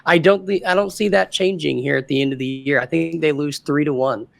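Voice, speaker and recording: Male podcast co-host, gravelly, slightly higher voice, confident predictions. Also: a little fast. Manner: confident, makes firm predictions. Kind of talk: casual sports chat.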